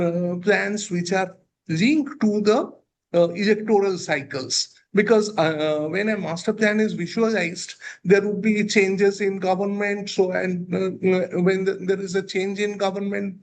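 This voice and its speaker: Halting high-voiced man with gravelly edge. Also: a little hiss or hum. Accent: Indian English. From India. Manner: hesitant, many fillers and restarts. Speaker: professor, panelist. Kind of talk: webinar panel discussion.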